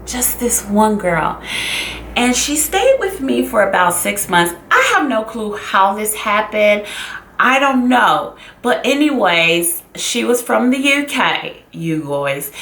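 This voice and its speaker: A woman's voice: mid-range voice, sing-song, slow, creaky, fairly bright tone. Emotional woman confiding in an echoey room. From Los Angeles, USA. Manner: emotional, confiding, addresses viewers directly. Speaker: vlogger. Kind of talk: story time vlog.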